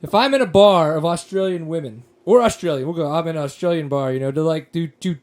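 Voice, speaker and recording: Rambling high-voiced American man. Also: fast, a little mellow. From United States. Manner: rambling, joking, lots of fillers. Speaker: podcast host. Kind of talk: casual podcast chat.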